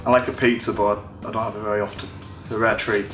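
A man's voice: on the low side, flat delivery, quick pace, noisy background. Laid-back young man in an echoey room. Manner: laid-back, self-deprecating, chuckling. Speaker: rugby player guest. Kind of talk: casual interview chat. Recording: echoey room with music behind.

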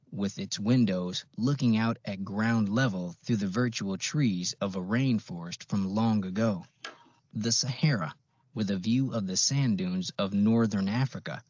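A man reading a novel aloud as an audiobook narrator, in a measured, even way. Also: lowish voice, breathy edge, dry recording. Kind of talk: scripted narration. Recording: dull, dry lo-fi recording.

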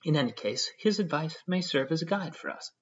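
A man voicing a self-important civil servant who lectures calmly and at length. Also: on the high side, slightly rough, voice pushed up. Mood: pompous tranquil. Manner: measured, lecturing tone. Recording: dull lo-fi audio.

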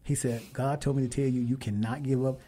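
A man hosting a radio talk show, telling a story with lively, emphatic quoted dialogue. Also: medium pitch, a little fast. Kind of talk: casual storytelling and interview.

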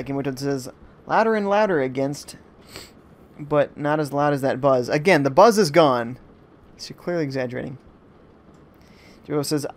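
A man's voice: mid-range voice, normal speed, pauses often. A man giving live commentary on a video game, joking and reading viewer chat aloud from home. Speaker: gaming streamer. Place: at home during a rainstorm.

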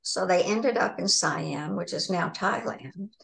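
Gravelly-voiced woman author telling stories. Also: fairly low pitch, a little slow, low-quality recording. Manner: lively storyteller. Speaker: author guest. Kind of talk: casual interview storytelling. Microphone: video call.

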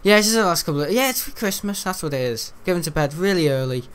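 A man's voice: fairly high pitch, animated, fast talker, a bit bright, smooth. A teenage young man giving rambling, chatty let's-play commentary while he plays, often laughing. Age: teens. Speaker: gaming video host.

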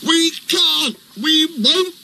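Man doing creaky old trucks wailing way up high, stubborn and whiny. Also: drawn-out words, sharp tone, slight background noise, full character voice. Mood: groaning. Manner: groaning, wailing. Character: shrill old rusty goods trucks, complaining.

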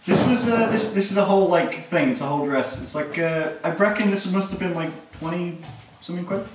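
A man livestreaming casually, giggly and excitable, exclaiming as he moves things around the house. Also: high voice, brisk. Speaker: streamer. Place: indoors, moving furniture in a house. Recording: echoey room, distant mic, faint noise.

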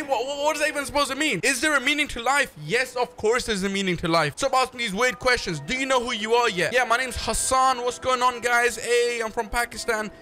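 A man doing excitable, joking let's-play commentary on a horror game from his bedroom gaming setup. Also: very high-pitched. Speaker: gaming YouTuber.

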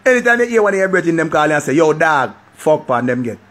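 A man with a Jamaican accent telling a story in casual, animated talk, slipping into patois and slang. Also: fairly high pitch, very fast. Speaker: vlogger.

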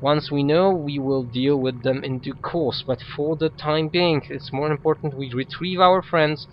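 A man's voice: a little high, measured pace, highs cut off, a little hiss or hum, natural voice. A man who is not a native English speaker, reading a stern female druid's lines aloud in his own plain voice. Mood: steady. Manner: reads written dialogue aloud in a plain voice.

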